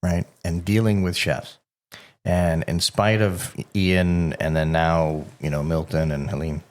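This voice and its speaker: A man's voice: low-pitched, flat delivery, a little slow. A man co-hosting a podcast in casual chat, thinking aloud and building his point with restarts.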